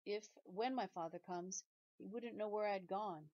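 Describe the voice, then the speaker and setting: A woman's voice: medium pitch, measured pace, lightly acted. A woman reading a storybook voices an earnest, stubborn young boy who talks in a raised, insistent way. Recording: dull lo-fi recording.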